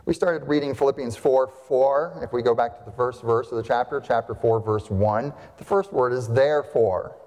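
Medium-pitched and darkish in tone, this pastor's voice moves at normal speed with few pauses. He delivers a forceful sermon in a church sanctuary, posing rhetorical questions and repeating phrases, with long hall reverb on the recording.

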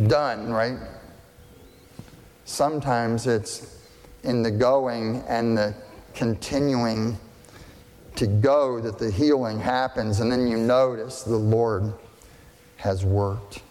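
A man preaching a sermon as pastor, deliberate and questioning, often checking that listeners follow. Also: mid-range voice, darkish tone. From family partly German and partly English. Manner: slow, deliberate, asks the congregation questions. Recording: long hall reverb.

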